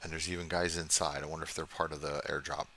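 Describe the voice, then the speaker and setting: Older man, gameplay commentary, low and bright-edged voice, grumbly and cussing, faint room hum. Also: flat delivery, fast talker. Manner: grumbling, profane, frustrated. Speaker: game streamer.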